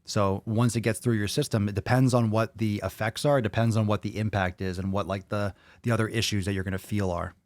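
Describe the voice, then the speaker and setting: A man's voice: lowish voice, steady tone, fairly quick, hardly any pauses, a little mellow, dry recording. A man hosting a podcast, reading viewer comments aloud and reacting to them bluntly, with a lot of swearing. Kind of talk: casual chat.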